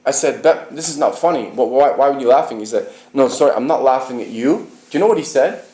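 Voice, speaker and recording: A man's voice: medium pitch, expressive, fast, mellow, roomy sound. A man from the United Kingdom telling his personal story in an interview, emphatic and profane, often asking the listener whether he is right.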